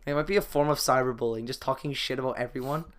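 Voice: mid-range voice, fairly even intonation, quick pace. A teenager in their late teens co-hosting a casual podcast, blunt and sarcastic, swearing often and acting out other people's lines in retold stories. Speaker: podcast co-host. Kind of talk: casual chat.

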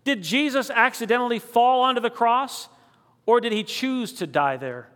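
A man preaching a sermon, asking rhetorical questions one after another and slowing down to stress key words. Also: extremely high pitch, lively intonation, fairly bright tone, long reverb tail. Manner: dramatic, rhetorical questions, slows for emphasis.

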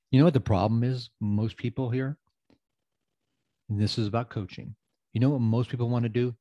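Emphatic repetitive male coach, dark tone. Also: mid-range voice, dry recording, studio quality. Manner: emphatic, repeats phrases for effect; casual, loose grammar. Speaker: podcast host and coach. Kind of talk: motivational podcast talk.

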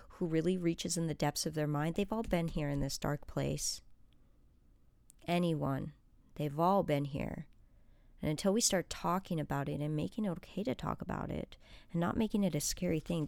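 A woman vlogger speaking earnestly and openly about her recovery, soft-spoken and nervous, at times dropping to a hushed whisper as she reads her journal aloud. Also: low-pitched, gravelly, no echo. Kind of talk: candid personal monologue, reading her journal aloud.

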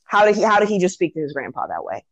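A woman's voice: on the low side, rapid-fire, dry recording. A woman casually retelling a film on a podcast, acting out the characters' lines and swearing freely. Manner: animated storytelling with acted-out quotes and swearing. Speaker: podcast host.

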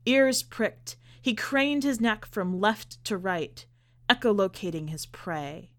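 Woman narrating a story, expressive. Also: medium pitch. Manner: measured, expressive reading. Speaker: podcast editor and reader.

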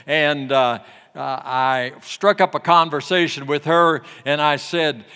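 An older male preacher delivers a sermon in a slow, unhurried drawl, leaning into folksy stories. His voice is bright and forward, and his lines ring out with a long reverb of a large hall. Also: a little high, smooth. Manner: slow, folksy storytelling with rising emphasis on quoted lines.

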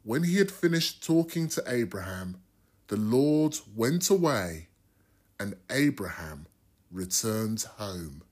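A man giving a liturgical scripture reading, slow and deliberate. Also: lowish voice, sing-song, darkish tone. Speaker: scripture reader.

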